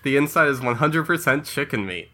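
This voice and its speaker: A man's voice: mid-range voice, lively intonation, a little fast, heavy background noise. A man co-hosting a casual comedy podcast, giggling as he reads a news story aloud. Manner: giggly while reading an article aloud. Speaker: podcast co-host.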